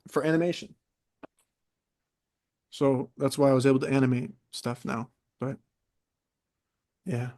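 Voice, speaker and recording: A young man from New York chats casually as a podcast co-host, his voice sitting a little higher than most men's. He rambles through an animated story with lots of fillers and restarts. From New York, USA. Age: 20s.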